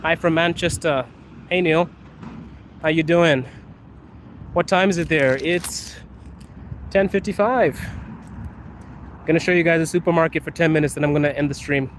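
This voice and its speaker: A man's voice: a little high, moderate pace, pauses often. A man casually chatting on a live stream, answering viewer questions, laughing often and calling viewers bro. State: coughing from allergies. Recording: faint street and traffic noise.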